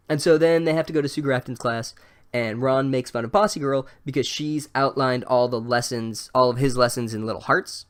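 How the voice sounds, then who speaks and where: Male podcast host, comedic book recap; sarcastic, profane, rambling, mid pitch. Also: moderate pace, clean tone.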